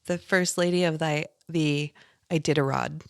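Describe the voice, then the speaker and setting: A young adult woman from Washington with a naturally low register, co-hosting a podcast in easy chatty talk that breaks into laughter often. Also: fairly even intonation, normal speed, vocal fry, clear, resonant tone, no echo, studio quality. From Washington State, USA. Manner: chatty, laughs easily, filler-heavy. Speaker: podcast co-host. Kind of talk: casual chat.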